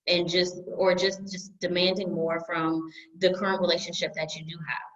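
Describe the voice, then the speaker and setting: Woman, accountant, webinar talk, low voice, dull lo-fi sound. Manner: lively, acts out clients' voices in quotes. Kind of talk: webinar presentation.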